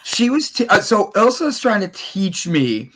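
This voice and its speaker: A man from Ohio hosting a live morning chat show, upbeat with showy, drawn-out greetings. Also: high voice, sing-song, a bit bright. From Cleveland, Ohio. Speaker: host.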